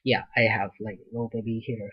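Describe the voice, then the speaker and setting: A young man speaking in a casual video update, hesitant and full of pauses. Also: fairly low pitch, little pitch movement, slightly rough, highs cut off. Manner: hesitant, many ums and restarts. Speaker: vlogger.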